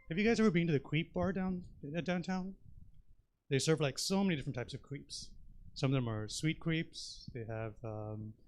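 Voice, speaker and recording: Chatty man from India doing stand-up. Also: a little high. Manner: chatty, rambling delivery with many fillers. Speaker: stand-up comedian. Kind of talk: stand-up comedy set. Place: comedy theater stage.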